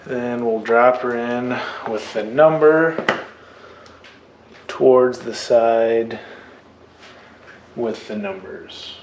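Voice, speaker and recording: A young man explaining an engine rebuild step by step as he works, thinking aloud in a plain, relaxed way. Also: mid-range voice, drawn-out words, long pauses, dull audio, a little hiss or hum. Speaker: mechanic rebuilding a diesel engine. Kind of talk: hands-on how-to narration.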